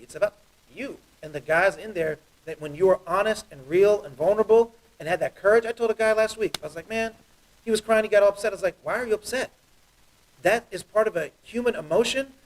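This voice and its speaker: A man who is a judge, talking earnestly and quickly as an interview guest, telling stories with animation. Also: high-pitched, far from the mic, rough recording. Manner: earnest, fast, animated storytelling. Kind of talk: interview guest, heartfelt talk.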